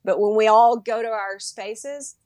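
A woman's voice: a little high, unhurried, no echo, clean studio sound. A woman, a mother, talking animatedly as a guest in a casual interview and acting out bits of dialogue. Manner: animated, acts out quoted dialogue.

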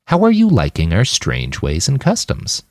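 A man's voice: on the low side, wildly swooping pitch, moderate pace, darkish tone, no echo, clean studio sound. A man voicing a wiry male fighter who sounds falsely sweet and purring, with menace underneath, in a spoken fiction story.

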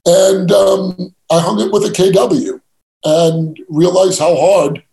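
Brash, gravelly New man. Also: high-pitched, flat delivery, slow, mellow, echoey room, rough recording. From New York. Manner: brash, self-mocking storyteller with stammered restarts. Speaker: guest, real estate agent. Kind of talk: casual storytelling interview.

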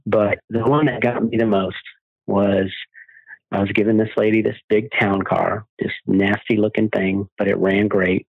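A man's voice: lowish voice, dry recording. A man in his forties or fifties, a charity founder telling stories as an interview guest in an earnest way. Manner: earnest storyteller. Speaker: guest, charity founder giving cars away. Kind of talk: interview conversation. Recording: dry, phone-like narrow sound.

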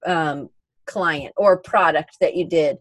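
A woman's voice: low-pitched, slow, dry recording. A woman hosting a casual podcast interview, chatty, reading out listener comments and laughing easily. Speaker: podcast host.

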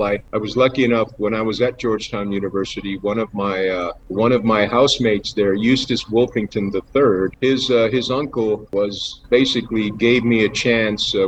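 A man guest on an interview, telling rambling stories with many fillers and laughs. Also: lowish voice. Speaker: actor guest. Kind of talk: casual interview storytelling. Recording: dull lo-fi with faint noise.

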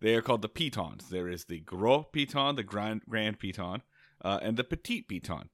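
A man's voice: on the low side, animated, normal speed, a bit bright, no room sound, studio quality. A man co-hosting a casual podcast, telling a rambling story with many restarts and laughs. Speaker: podcast co-host.

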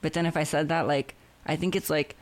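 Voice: medium pitch, fairly even intonation, brisk. A podcast co-host chatting casually, rambling and mixing in Spanish. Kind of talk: casual chat.

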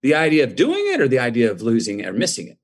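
A man's voice: medium pitch, wildly swooping pitch, racing. A man in his fifties, a guest telling a personal story in a folksy, reflective way and acting out the dialogue he quotes. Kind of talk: conversational storytelling.

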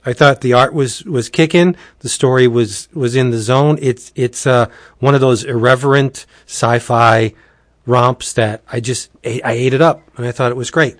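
A man's voice: medium pitch, fairly even intonation, normal speed, no room sound, studio quality. A man from Pennsylvania co-hosting a casual podcast chat at home, jokey and prone to stumbling over his words. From Pennsylvania, USA. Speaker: podcast co-host. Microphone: home recording setup.

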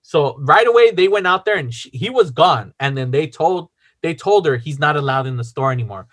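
Animated man telling a story. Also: a little high, brisk. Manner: animated, acts out quotes, swears often. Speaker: podcast host. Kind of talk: casual storytelling chat.

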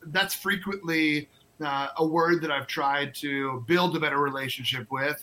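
A man's voice: fairly high pitch, pushed and bright, slight background noise. A man co-hosting a podcast in casual chat, hesitant and full of fillers, laughing easily. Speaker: podcast co-host.

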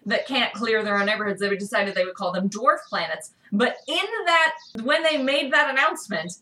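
A woman's voice: fairly high pitch, animated, moderate pace, pushed and bright, far from the mic. A woman co-hosting a casual podcast chat, explaining at length and laughing often. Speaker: podcast co-host.

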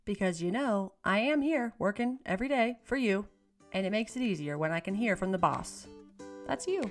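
A woman's voice: mid-range voice, animated, fairly quick, soft background music. A woman teacher hosts a podcast of classroom tips, talking in a mid-range voice. She sounds upbeat and encouraging, with an easy conversational flow.

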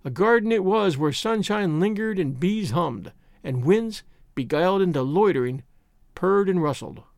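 A man with a fairly high, animated voice reads a classic novel aloud, dwelling expressively on the descriptions. The recording is close and dry, with no room sound. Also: normal speed, creaky, no echo. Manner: expressive, storytelling. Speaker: audiobook narrator. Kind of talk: scripted narration.

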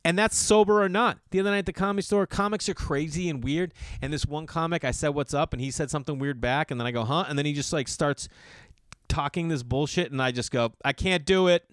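A man, a comedian, telling a long casual story in a profane, animated way and acting out the people he quotes. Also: fairly high pitch, fast talker, smooth, no echo, clean studio sound.

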